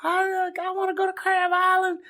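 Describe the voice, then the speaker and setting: A man imitating an excitable middle-aged male tow-truck owner, talking in a high, loud, boozy voice and swearing freely. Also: a little fast, exaggerated voice. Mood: excited.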